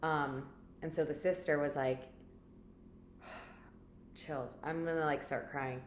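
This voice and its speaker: A woman vlogger tells a story to the camera in a chatty, rambling way full of filler words. Her low voice stays steady at a moderate pace, recorded in an echoey room with faint background noise.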